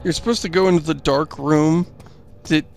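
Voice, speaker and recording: A man's voice: on the high side, steady tone, moderate pace, gravelly, faint music behind. A man co-hosting a game commentary show, explaining the game with dry jokes. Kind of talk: casual group commentary.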